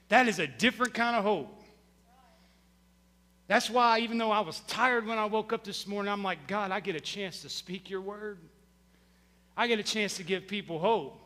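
A man preaching a sermon as pastor, rising into loud shouted bursts. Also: high voice, moderate pace, pauses often. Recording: long hall reverb.

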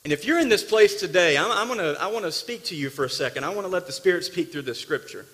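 A man preaching a sermon, his voice high and bright with a sharp edge. He swings from forceful bursts to quiet, intimate asides. The sound carries a long echo, as if it fills a church hall. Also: expressive, quick pace. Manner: emphatic preacher, swinging between loud bursts and hushed asides. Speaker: pastor. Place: church sanctuary.

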